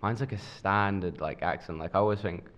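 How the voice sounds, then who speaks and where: Young English guy, guest gamer, deep and laid-back, lo-fi sound. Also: a little fast. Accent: English, from near London. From England. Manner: relaxed, hesitant, many fillers. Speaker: esports player guest. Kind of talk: casual podcast chat. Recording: dull lo-fi sound.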